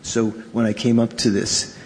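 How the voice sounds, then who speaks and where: A man teaching Buddhism to a live audience in a halting, conversational way, often stopping to question his listeners. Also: mid-range voice, little pitch movement. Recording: reverberant hall, faint background noise.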